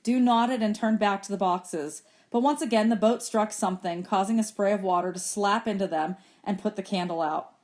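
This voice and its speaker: A woman teacher reading a novel chapter aloud to her students, expressive and lifting her voice for the characters' lines. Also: medium pitch, normal speed, hardly any pauses.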